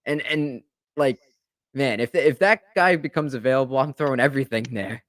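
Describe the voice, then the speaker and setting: A man hosting a podcast, talking in a rambling, animated way with lots of fillers. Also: mid-range voice, moderate pace, dry recording. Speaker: podcast host. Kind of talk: casual chat.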